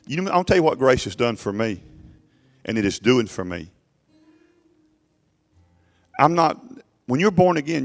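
A male pastor preaching a sermon emphatically to his congregation, often urging them to listen, his voice swelling loud and falling low. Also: vocal fry. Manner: emphatic preaching, rising and dropping sharply in loudness; addresses congregation directly with repeated "listen".

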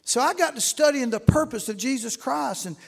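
A middle-aged man preaching a sermon with folksy storytelling, acting out shouting congregants as he goes. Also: very high voice, animated, brisk, gravelly.

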